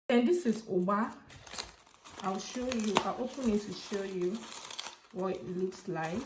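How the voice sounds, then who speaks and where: A woman's voice: mid-range voice, background noise. A young Nigerian woman with a Nigerian accent hosting her cooking channel, chattily naming each ingredient as she shows it. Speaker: cooking vlogger. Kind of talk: recipe demonstration. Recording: echoey room with faint music.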